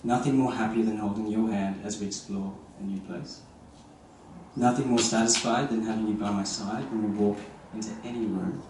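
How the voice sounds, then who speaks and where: A man's voice: lowish voice, fairly even intonation, moderate pace. A young man, the groom, reading earnest and tender wedding vows with some light humor. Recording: echoey distant venue sound with ambient noise.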